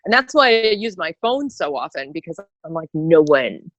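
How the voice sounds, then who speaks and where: A woman co-hosting a podcast in casual chat, reacting quickly and laughing often. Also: mid-range voice, big pitch swings, fairly bright tone, no room sound, highs cut off. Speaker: podcast co-host.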